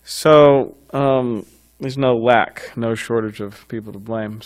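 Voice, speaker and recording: A man's voice: medium pitch, slow, clear, resonant tone. A man giving an informal scripture class, talking conversationally with frequent fillers and light chuckles.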